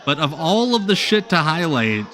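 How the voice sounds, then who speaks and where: A man's voice: a little high, big pitch swings, moderate pace, a bit bright, a faint crowd. A man hosting a live watch-along show, talking casually with sarcastic, profane jokes and frequent laughs. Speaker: host.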